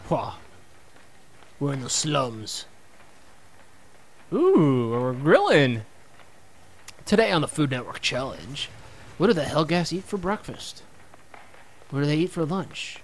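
A man's voice: fairly high pitch, big pitch swings, slow pace, pauses often, slight background noise. A young man giving goofy, joking commentary over a video game, talking back to the characters and laughing often. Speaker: gaming let's-player. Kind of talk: comedic gameplay commentary.

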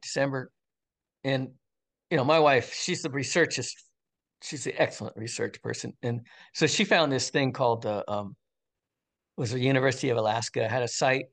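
An older man, an interview guest, telling a story in a casual, rambling way, full of fillers and restarts. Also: medium pitch.

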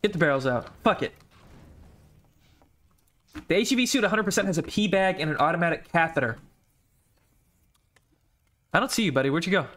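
A young man playing a game with a friend, chatting casually, swearing and yelling in mock outrage. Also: fairly high pitch, animated. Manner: loud, swearing, quick to yell in mock outrage. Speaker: gaming channel host. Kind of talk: casual co-op gameplay banter.

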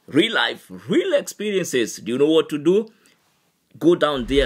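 A man hosting a casual family vlog with his wife, playful and quick to laugh. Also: on the high side, very animated, slight background noise. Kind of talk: casual couple vlog chat.

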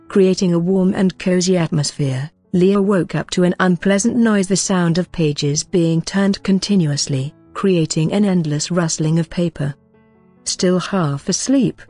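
Woman narrator, lowish voice, steady scripted recap read, dry close sound, soft music underneath. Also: no room sound. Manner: even storytelling read, all dialogue reported. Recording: dry voice-over with faint music.

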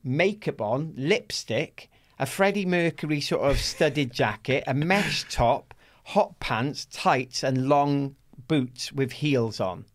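Animated man telling a story. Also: medium pitch, slow pace. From Wales. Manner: laughs often, swears freely, acts out his own shouts. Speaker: interview guest.

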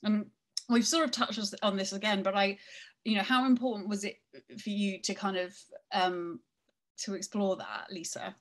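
A woman's voice: medium pitch, fairly even intonation, normal speed, fairly bright tone. A woman hosting a conversation with authors, speaking hesitantly with many restarts. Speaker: event host interviewing authors. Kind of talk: casual discussion.

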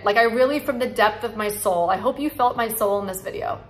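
A woman's voice: fairly high pitch, fairly quick. A woman in her thirties, a sobriety coach, talking straight to her viewers in an earnest, encouraging way and repeating affirmations. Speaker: sobriety coach and channel host. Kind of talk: heartfelt direct-to-camera talk.

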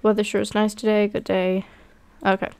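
A woman's voice: mid-range voice, little pitch movement, brisk, gravelly, a little mellow, clear, resonant tone. A woman playing a cat-clan game and commentating casually, reading the characters' lines aloud and talking back to them sarcastically, swearing now and then. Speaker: gameplay commentator.

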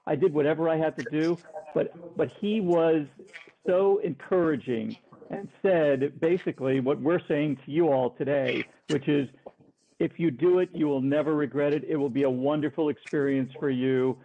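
A man's voice: on the high side, normal speed. Emphatic man on a tinny call line. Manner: emphatic, repeats himself while he searches for words. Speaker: lawyer, alumni panelist. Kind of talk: panel discussion. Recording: phone-like call audio.

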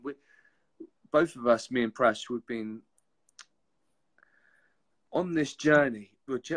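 A man's voice: medium pitch, fairly bright tone. A man co-hosting a casual motivational chat, earnest and a bit rambling. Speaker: co-host.

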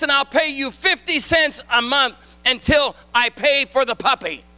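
Very high-pitched for a man, this pastor's voice comes across bright and sharp, with no room sound. His sermon begins with a gentle story and builds into emphatic, shouted preaching.

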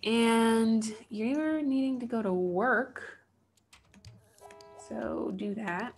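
Slow, chatty woman narrating a game. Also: fairly high pitch, slight background noise. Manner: chatty, wry self-talk while building. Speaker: gaming channel host. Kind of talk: casual let's play commentary.

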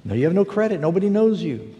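Man voicing a curt bank clerk, dismissive, blunt, mellow tone, reverberant hall. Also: high-pitched, big pitch swings, fast talker, dull audio, voice pushed up.

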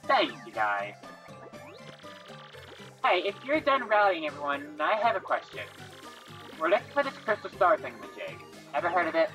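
A woman's voice: low voice, very animated, normal speed, pauses often, a bit bright, soft background music. A woman voicing an earnest young male creature who leads his small tribe.

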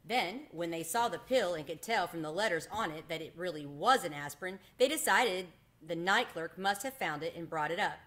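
Woman, read-aloud host, children's book narration, expressive, lower pitch. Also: normal speed, hardly any pauses.

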